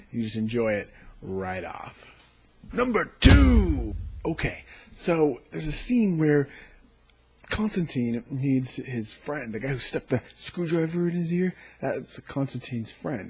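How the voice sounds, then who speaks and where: A man hosting a casual video review of a TV episode, recounting scenes excitedly and acting out the quotes. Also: medium pitch, breathy edge. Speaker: TV episode reviewer, channel host.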